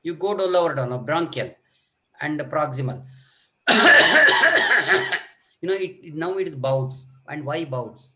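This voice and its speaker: A man's voice: fairly high pitch, moderate pace. A middle-aged man lecturing on children's coughs in an online medical workshop, demonstrating coughs and talking with many fillers. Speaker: pediatric lecturer.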